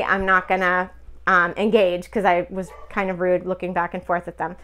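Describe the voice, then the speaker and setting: A woman's voice: medium pitch, moderate pace. A middle-aged woman telling a personal story in a casual, chatty, emotional way, full of fillers and quoted dialogue.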